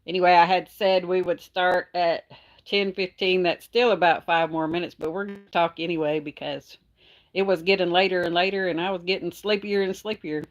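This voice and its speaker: A middle-aged woman hosts a casual livestream from her phone, talking in a slightly low voice. She chats easily, reads out comments from viewers and laughs often between remarks. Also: fairly even intonation, fairly quick, highs cut off. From Texas. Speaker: livestream host.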